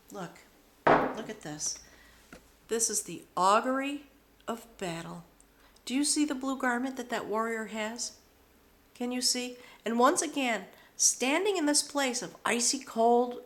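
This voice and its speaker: A woman giving a spiritual tarot reading, speaking slowly and reverently, often overcome with emotion. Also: on the high side. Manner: slow, emotional, reverent, with pauses. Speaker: tarot reader. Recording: roomy echo.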